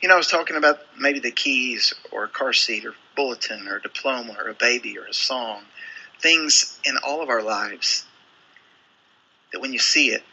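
A man's voice: medium pitch, normal speed, sharp tone, slightly rough, lo-fi sound. A man preaching a sermon, telling a Bible story and acting out the quoted lines. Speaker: pastor.

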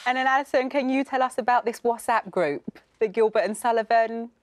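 A woman's voice: a little high, fairly quick. A woman interviewing actors in an upbeat way. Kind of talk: interview questions. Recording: faint crowd and noise.

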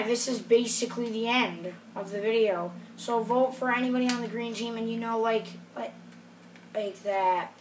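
A woman hosting a gameplay video, chatting casually in a rambling, excitable way and apologising often. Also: on the high side, recorded from a distance, slight background noise. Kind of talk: casual game commentary. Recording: roomy sound from off the mic with music behind.

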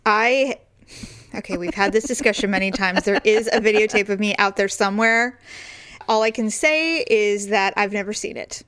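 A woman's voice: mid-range voice, moderate pace, a bit bright, clean tone. A woman co-hosting a podcast in casual chat, candid and self-deprecating, often giggling. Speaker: podcast co-host.

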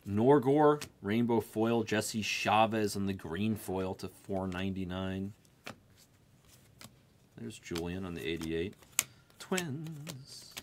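A man's voice: deep voice, slow pace, noisy background. A man hosting a sports card break, rattling off player names and card types while chatting with viewers. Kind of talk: live card break call-outs.

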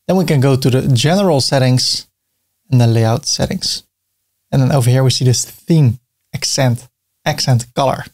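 A man explaining a website builder step by step in a screen-recorded tutorial, thinking aloud as he clicks, with a few filler pauses. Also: medium pitch, a little mellow. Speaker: web design tutor.

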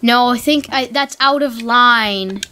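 A woman hosting a let's play, giving excitable casual commentary and talking to the game's characters. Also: fairly high pitch, slow, clean tone. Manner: excitable, talks to game characters. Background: faint game music.

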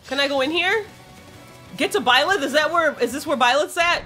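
Excitable high-pitched woman gamer, swearing. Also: brisk, faint music behind. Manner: excitable, swears a lot, shrieks when panicked. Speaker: gaming streamer. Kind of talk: let's play commentary.

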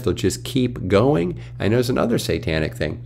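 A man's voice: on the low side, sing-song, moderate pace, creaky, a little mellow, a little hiss or hum. A man teaching from the Bible, reading scripture aloud and then explaining it with emphatic questions. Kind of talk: Bible study commentary.

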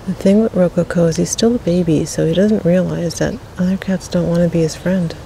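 A woman's voice: fairly low pitch, fairly even intonation, a little fast, vocal fry, warm tone, slight background noise. A woman vlogging while walking her cat outdoors on a neighborhood street, chatting casually and cooing at the animals. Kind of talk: casual chat.

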